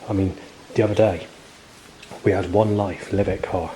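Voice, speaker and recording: Agitated man in his forties, low voice. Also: fairly even intonation, normal speed, dark tone, a little hiss or hum, rough recording. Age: 40s. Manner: agitated, swearing, repetitive. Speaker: vlogger. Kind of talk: rambling spoken monologue.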